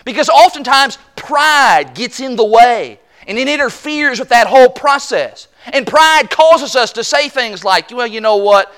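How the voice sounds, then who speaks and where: A preacher delivering a sermon with a bright, edged tone. The pitch rises and falls widely from phrase to phrase. The delivery is emphatic, and the preacher slips into voicing the people being quoted. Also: animated, measured pace, few pauses. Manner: emphatic, acts out quoted voices. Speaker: pastor.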